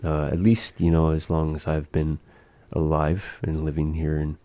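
Male teacher for a language lesson: very low, mellow voice, unhurried, patient repetition. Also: completely flat delivery, dry recording. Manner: slow, patient, repeating words for practice.

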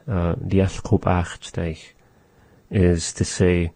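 A man giving a spoken language lesson, explaining phrases in a thoughtful, halting way as he searches for words. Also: low voice, little pitch movement, dark tone, no room sound. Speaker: language teacher.

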